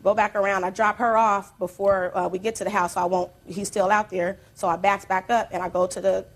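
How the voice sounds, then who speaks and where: A woman testifying as the plaintiff in court, telling her story in a rambling, animated way. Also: medium pitch, brisk.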